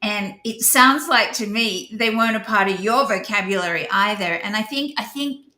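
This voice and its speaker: Podcast host, Australian woman, crisp bright voice, earnest interviewer, roomy echoey sound. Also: mid-range voice, normal speed. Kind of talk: conversational interview. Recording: echoey room.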